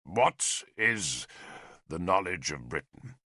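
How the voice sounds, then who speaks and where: A man's voice: low voice, very animated, slow, sharp tone, no room sound, clean studio sound, pitched below the performer's own voice, exaggerated voice. A man doing an old dying stubborn king. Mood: grave.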